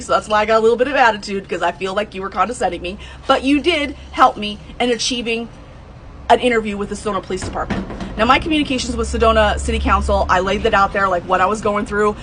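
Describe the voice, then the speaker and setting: A woman in her thirties or older, telling her own story in a blunt, heated way, swearing and breaking into high outbursts. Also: fairly bright tone, a little hiss or hum, poor audio. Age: adult, over 30. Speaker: true crime vlogger telling her mother's case. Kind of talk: emotional first-person storytelling.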